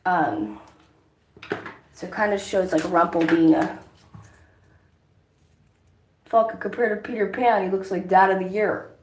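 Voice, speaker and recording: A woman's voice: lowish voice, unhurried, pauses often. A woman vlogger chats casually and rambles while doing makeup, swearing often, in an echoey room. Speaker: vlogger, songwriter.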